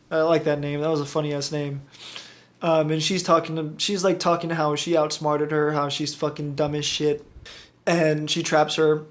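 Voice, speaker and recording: A man casually recapping an anime episode, rambling with lots of fillers, swearing and correcting himself as he goes. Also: on the high side.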